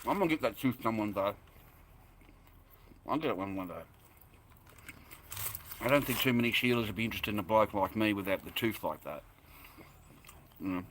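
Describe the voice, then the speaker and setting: Australian bloke vlogging, rambling and chatty, bright tone, easy laugh. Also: male voice, fairly low pitch, moderate pace, long pauses, a little hiss or hum. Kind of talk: casual chat to camera.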